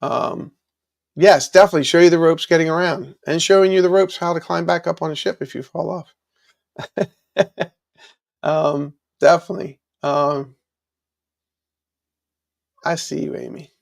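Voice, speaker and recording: A man's voice: a little high, fairly even intonation, measured pace, creaky, long pauses. A man hosting a live stream, chatting casually with viewers, with many fillers and restarts. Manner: reads and answers viewer chat.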